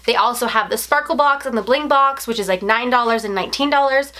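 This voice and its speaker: Young woman vlogger, fairly high voice, effusive and breathless, faint hiss behind. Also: quick pace, sharp tone. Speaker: unboxing vlogger. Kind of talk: excited unboxing vlog.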